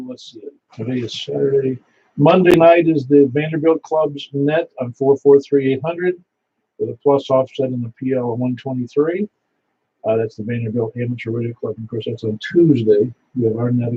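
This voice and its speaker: A man runs an amateur radio net, giving announcements in a folksy, rambling way and repeating details back to confirm them. His voice is mellow and dark. The sound is a little dull, with a faint hiss under it. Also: medium pitch.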